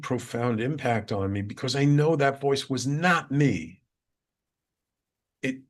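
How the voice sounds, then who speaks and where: A male radio host with a medium-pitched voice shares a personal spiritual story. He sounds earnest and reflective, repeating phrases to drive his points home.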